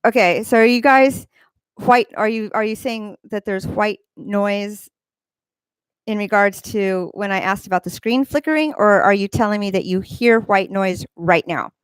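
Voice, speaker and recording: A woman talks casually on her own livestream, reading chat aloud and wandering from one aside to the next. Her voice sits at a middle pitch. She is recorded on a close desk mic in a dry home room. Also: a little slow, clean tone, dry recording. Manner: rambling, reads chat comments aloud. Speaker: livestream host. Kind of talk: casual live-stream chat. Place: home room with a fan running. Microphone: desk microphone.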